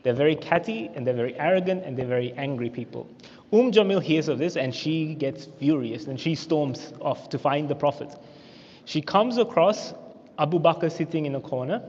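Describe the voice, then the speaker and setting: An Australian man teaching a religious history class in a mosque, telling the story with animated, acted-out quotes. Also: on the high side, normal speed. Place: mosque hall. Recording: echoey hall, muffled lo-fi sound.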